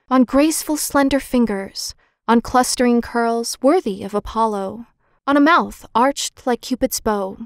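A woman narrates an old myth for an audiobook, reading in a measured, gentle storytelling manner. Her voice sits fairly high for a woman. The recording is dry and close, with no room echo.

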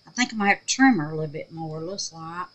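A woman chatting to her viewers while making resin crafts, often trailing off into quiet muttered asides. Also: sits low, animated, quick pace. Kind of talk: casual crafting vlog.

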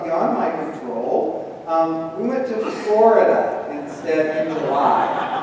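A man's voice: fairly high pitch, darkish tone, a little hiss or hum. A man giving a playful children's message in church, chatting and asking the kids questions. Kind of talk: children's sermon. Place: church sanctuary. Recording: echoey church hall from far off.

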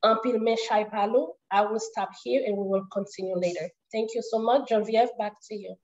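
A woman from Haiti, an activist, giving prepared remarks on an online panel in an earnest, measured way. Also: medium pitch, steady tone, darkish tone, dull audio.

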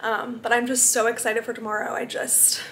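A woman's voice: fairly high pitch, flat delivery, moderate pace, a bit bright, slight background noise. A young woman chatting to the camera in a casual home vlog, a little out of breath, bubbly and full of fillers. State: out of breath from pregnancy. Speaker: vlogger. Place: home, indoors. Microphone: camera mic. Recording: echoey room.

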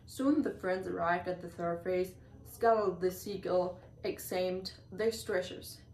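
With a fairly low, slightly mellow voice at a measured pace, a woman reads a children's storybook aloud, stumbling and restarting on occasional words. Faint hiss, room echo, and distance from the mic mark the recording.

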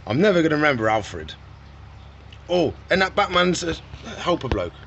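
A man's voice: fairly high pitch, big pitch swings, normal speed, vocal fry, lo-fi sound, background noise. A man running a reptile shop vlog, chatting casually and baby-talking to the animals. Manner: playful, baby-talks to animals. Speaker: reptile shop owner and vlogger. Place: pet shop.

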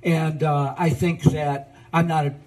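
A man's voice: on the high side, level tone, a little slow, a little mellow. A man answering in a television interview, hesitant, with many fillers.

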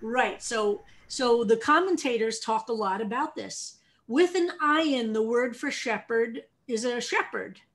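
American woman rabbi, higher voice, leading a study class with questions. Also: a little slow, few pauses. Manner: animated explainer, asks the class questions. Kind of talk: teaching a text study session.

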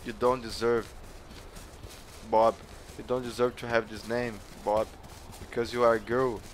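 A man from Brazil with a Brazilian accent, a gamer joking his way through gameplay commentary with playful teasing and sudden excited yelps. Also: medium pitch, a little slow, slight background noise. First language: Portuguese. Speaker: gamer hosting a let's play channel.

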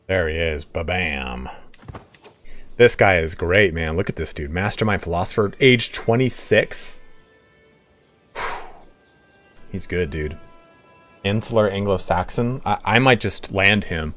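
A man casually commenting on a strategy game he is playing, chatty and excitable, often laughing. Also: low-pitched, unhurried, pauses often, soft background music. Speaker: let's play streamer.

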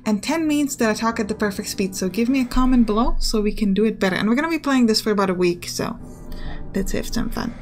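Quick-talking young woman explaining a game. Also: a little high, animated. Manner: quick, explanatory, filler-heavy talk. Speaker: let's play host. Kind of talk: gameplay commentary. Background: faint game music.

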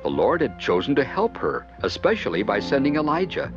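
A man giving scripted narration of a children's Bible story, expressive and animated. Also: mid-range voice, brisk. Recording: dull lo-fi with music behind.

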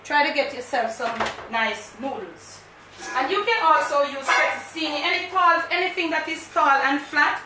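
Jamaican woman cooking host: bright, fairly high voice, chatty and direct, patois mixed in; recorded from across a kitchen. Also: lively intonation, moderate pace, roomy sound, recorded from a distance, noisy background. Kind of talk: casual cooking vlog. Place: home kitchen.

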